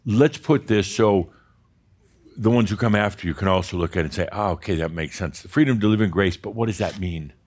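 A man's voice: lowish voice, brisk. A man leading a live group session, joking with the room and pressing people to state things plainly. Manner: animated, joking, pushes for specifics. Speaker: workshop leader.

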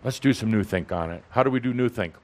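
A man's voice: mid-range voice, quick pace, darkish tone. A man speaking to an audience as a spiritual teacher. He teases and provokes, and he repeats lines for emphasis. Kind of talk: teasing, lively spiritual talk.

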